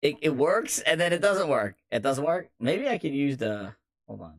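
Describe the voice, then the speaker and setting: A man's voice: a little high, sing-song, moderate pace. A man on a gaming live stream, exasperated and laughing while he tries to fix broken equipment. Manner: exasperated, laughing at the tech trouble. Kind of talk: live-stream casual chat.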